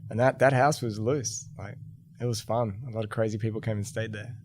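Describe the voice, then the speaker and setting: A man's voice: fairly low pitch, brisk. Middle-aged Australian man telling stories. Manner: lively anecdotes, acts out quoted voices. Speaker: podcast guest. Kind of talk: casual storytelling.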